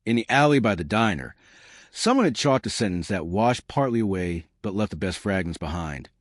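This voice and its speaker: A man narrating a scripted story in a slow, lyrical, measured way. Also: on the low side, animated, no room sound, clean studio sound.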